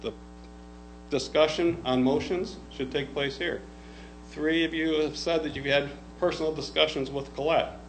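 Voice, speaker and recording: A man's voice: on the high side, steady tone, moderate pace, a little hiss or hum, rough recording. A man giving critical public comment at a county board meeting. He poses rhetorical questions and answers them himself with sarcasm.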